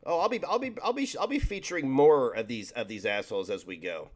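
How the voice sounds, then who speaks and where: Male commentary host, profane exasperated ranter, animated delivery. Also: medium pitch, a little fast. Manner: exasperated, profane ranting with sarcastic mimicry. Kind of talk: reaction rant.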